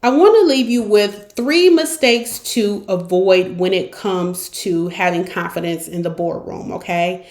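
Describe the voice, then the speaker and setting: A woman's voice: medium pitch, a little slow, hardly any pauses, a little mellow. Woman podcast host giving pep-talk career advice, direct and upbeat, echoey room. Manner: direct, encouraging, acts out examples. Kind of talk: coaching monologue. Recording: roomy echo.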